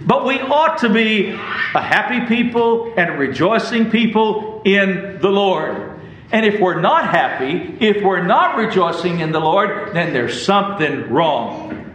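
A man preaching a sermon, reading verses slowly and with emphasis. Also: high voice, animated, fairly bright tone, roomy sound, low-quality recording. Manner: slow, emphatic preaching with drawn-out quoted verses.

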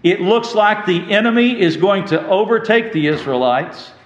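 A man's voice: high voice, lively intonation, normal speed, highs cut off. A man preaching a sermon, reading scripture and retelling it with dramatic emphasis. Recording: echoey room.

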